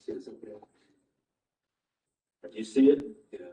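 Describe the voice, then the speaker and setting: A man's voice: normal speed, muffled recording. A man, a chiropractor, walking a patient through an X-ray and checking in with short questions. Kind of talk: explaining to a patient. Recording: distant echoey room recording.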